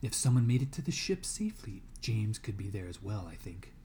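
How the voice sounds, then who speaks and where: A man's voice: lowish voice, big pitch swings, brisk, dark tone, slight background noise. A man reading a novel aloud to a class as a guest reader, dramatic and dropping to a whisper in tense moments.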